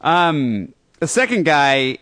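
A man's voice: a little high, sing-song, slow, fairly bright tone, no echo. A man co-hosting a crude podcast, reading listener emails and rambling sarcastically. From United States. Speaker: podcast co-host.

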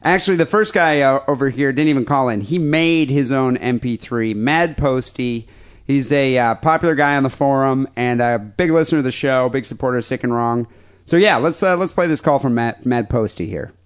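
A man's voice: medium pitch, moderate pace, smooth. A man co-hosting a podcast, joking and laughing in casual chat as he plays in listener calls. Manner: laughs often, restarts sentences. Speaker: podcast co-host.

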